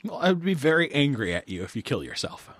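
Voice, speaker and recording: Blunt male podcast co-host with lively pitch. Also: fast, no room sound. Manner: blunt, dry, profane remarks. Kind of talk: casual podcast chat.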